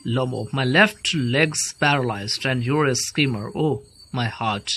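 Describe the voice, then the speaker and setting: A man's voice: medium pitch, measured pace, bright, forceful tone, a little hiss or hum. Casting: man reading the part of nervous young landowner, hypochondriac, indignant, plain mid voice. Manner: complaining, indignant. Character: anxious young male landowner, hypochondriac and touchy. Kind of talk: play read aloud.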